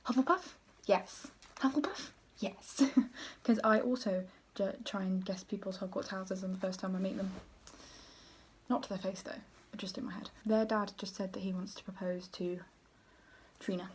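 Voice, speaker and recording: A woman's voice: mid-range voice, dark tone, slight background noise. Southern english girl rambling to her camera at home, laughs a lot, whispers sometimes. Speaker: book vlogger. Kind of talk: casual vlog chat. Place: at home, moving between rooms.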